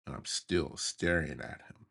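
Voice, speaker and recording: Deep husky man telling a childhood story. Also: measured pace. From USA. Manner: animated, chuckles while telling. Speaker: podcast host. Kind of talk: memoir storytelling podcast.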